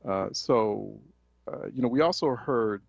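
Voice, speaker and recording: A man's voice: medium pitch, a little slow, creaky, no echo, muffled recording. A man from Philadelphia, a radio talk host giving impassioned, indignant commentary with many fillers and restarts.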